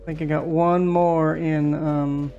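A man streaming a game live, muttering casual commentary and quick offhand reactions. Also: a little high, little pitch movement, mellow, lo-fi sound, faint music behind.

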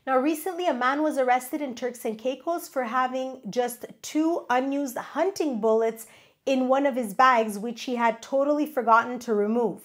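A woman hosting a travel safety tips video in an upbeat, instructive way, her voice nasal from a cold. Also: high voice. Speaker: travel vlog host.

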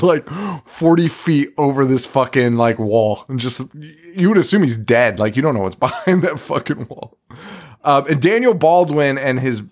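A man co-hosting a horror movie podcast, swearing a lot and laughing while he acts out scenes. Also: mid-range voice. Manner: profane, laughing, acts out quotes. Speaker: podcast co-host. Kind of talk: casual movie chat.

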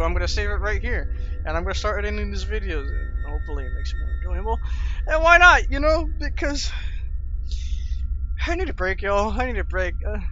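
A young man hosting a horror game playthrough, jumpy and emotive as he talks while he plays, on a home setup late at night. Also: high-pitched. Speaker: gaming video host. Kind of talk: horror let's play commentary. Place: home room, gaming at night. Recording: dull lo-fi mic with steady noise.

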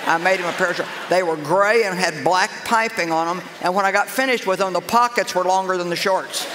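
An older woman preaching a humorous sermon, telling stories in an animated, sassy, self-mocking way. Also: on the low side, fairly quick, a little hiss or hum. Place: large church auditorium with a live congregation. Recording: echoey hall with crowd laughter.

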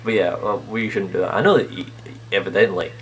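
A man's voice: deep voice, fairly even intonation, brisk. A man talking with himself in a casual improvised comedy skit, rambling and self-mocking, recorded at home on a camera in his sitting room. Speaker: video blogger playing himself and his clone. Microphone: camera on a TV unit.

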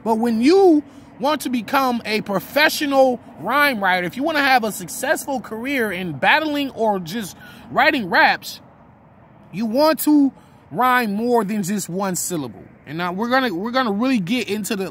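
A man's voice: high voice, lively intonation, moderate pace, a bit bright, a little hiss or hum. A man giving a casual, talkative lesson on writing rap rhymes, now and then reciting his own bars. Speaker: battle rap teacher.

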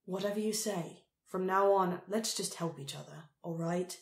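A woman voicing a wary, quick-tempered teenage boy who talks sharply and scornfully, in an echoey room. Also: on the low side, close to an everyday voice.

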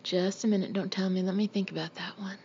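A woman's voice: medium pitch, steady tone, fast, a little mellow, dull audio, a little hiss or hum, lightly acted. A woman voicing a sleepy, reluctant young daughter who protests in a whiny tone.

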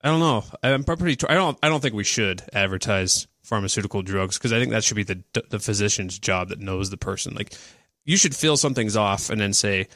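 A man's voice: on the low side, a little fast, fairly bright tone, dry recording, studio quality. A man co-hosting a podcast, blunt and casual in discussion. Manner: blunt, casual, a bit profane.

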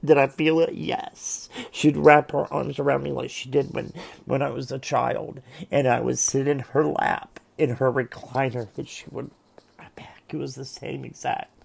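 A man with a deeply gravelly, rough-edged voice speaks to camera while seated at home. His speech is halting and emotional, full of restarts and pauses. His pitch sits in an ordinary middle range. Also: flat delivery, darkish tone. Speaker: tarot reader and vlogger. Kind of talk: casual heartfelt monologue to camera.

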